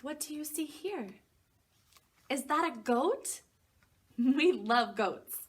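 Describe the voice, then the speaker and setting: A preschool teacher reads a picture book to small children in a fairly high, unhurried voice. She asks them gentle questions and leaves room for them to answer. She calls out the animal noises in a livelier, raised voice. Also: husky. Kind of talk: picture-book storytime reading for young children.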